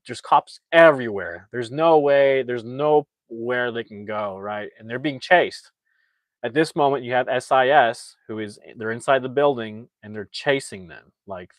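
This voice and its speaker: A man casually recapping a movie plot, talking excitably and restarting his sentences often. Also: fairly low pitch, no echo. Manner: rambling, excitable, frequent restarts and "like". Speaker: movie reviewer.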